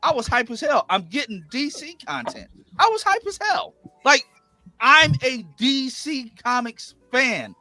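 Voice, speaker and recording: A man hosting a casual podcast, talking excitedly and animatedly about being a fan. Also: extremely high pitch, unhurried, soft background music.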